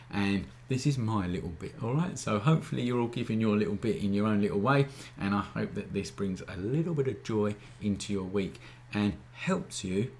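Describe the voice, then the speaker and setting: A man's voice: lowish voice, a little hiss or hum. A man, hosting a live photography Q&A in a chatty, informal teaching style that keeps checking in with the viewers. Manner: chatty, keeps asking "all right?"; informal, relaxed wording. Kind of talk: casual live-stream teaching.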